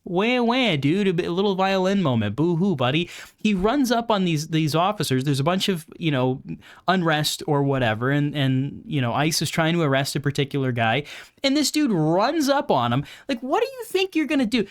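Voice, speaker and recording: A young man hosts a political podcast, talking in a casual, sarcastic run of commentary. His voice sits a bit higher than most men's, and he mocks the people he talks about. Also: brisk. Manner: sarcastic, mocking, animated with put-on quote voices. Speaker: podcast host.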